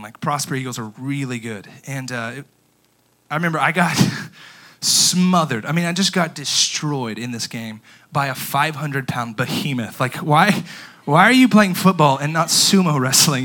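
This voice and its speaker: A young man, a youth pastor, preaching a casual and energetic sermon that runs from quiet scripture reading to loud storytelling. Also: a little high.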